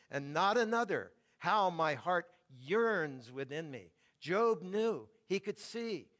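Older male pastor, sermon delivery, voice a touch high, slow and emphatic on key lines. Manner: slows and stresses key phrases, reads scripture aloud.

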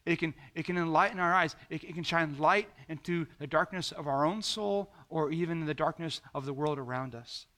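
A man preaching an earnest, gentle devotional sermon to listeners at home, with frequent fillers and restarts. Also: fairly high pitch, normal speed, hardly any pauses. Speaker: pastor.

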